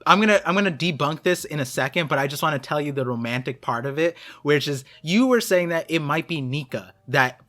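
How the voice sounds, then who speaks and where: Bright-voiced man, rambling fast. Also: a little high, animated, faint music behind. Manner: rapid, rambling, filler-heavy explaining. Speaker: guest co-host. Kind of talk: casual podcast chat.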